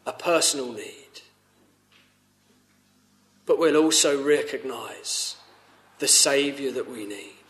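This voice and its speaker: A man's voice: a little high, a bit bright, roomy sound. A man preaching a sermon, earnest and pleading, rising to urgent appeals. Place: church.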